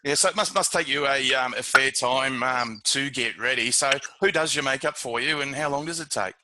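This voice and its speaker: A man's voice: medium pitch, brisk. Male podcast host, noisy recording. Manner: friendly, hesitant questions with frequent ums. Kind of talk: casual interview.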